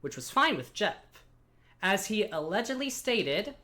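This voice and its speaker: A podcast host telling a strange story in casual chat, animated and given to fillers and giggles. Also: medium pitch, measured pace.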